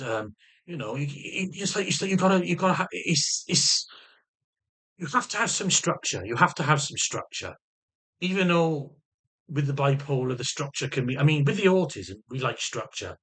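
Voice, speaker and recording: A man's voice: a little high, sing-song, normal speed, a bit bright, slightly rough. A man vlogging in an unscripted, rambling, sweary way, repeating himself as he talks through his frustrations. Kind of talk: unscripted personal vlog.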